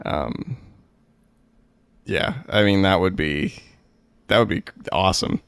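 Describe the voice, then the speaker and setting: A man's voice: low-pitched, slow, gravelly, fairly bright tone, clear, resonant tone, dry recording. A man co-hosting a casual podcast, thinking aloud with hesitant fillers. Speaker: podcast co-host.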